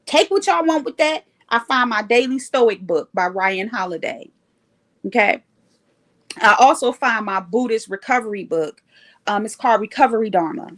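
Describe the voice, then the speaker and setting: A woman hosting a casual live stream, telling a story in an animated, emphatic way. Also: fairly high pitch, moderate pace. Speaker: livestream host sharing recovery story.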